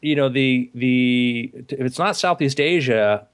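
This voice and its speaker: A man co-hosting a casual comedic chat, thinking aloud hesitantly and speculating with a deadpan air. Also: medium pitch, a little slow. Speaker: podcast co-host.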